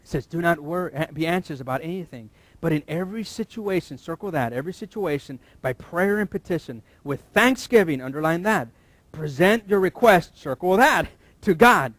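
A man preaching a sermon, repeating key phrases and now and then breaking into loud shouts. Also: a little high, lively intonation, normal speed, no room sound. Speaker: pastor.

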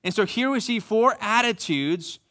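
A man preaching a sermon as pastor, reading scripture slowly and softly, then speaking up for lively asides. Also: high-pitched.

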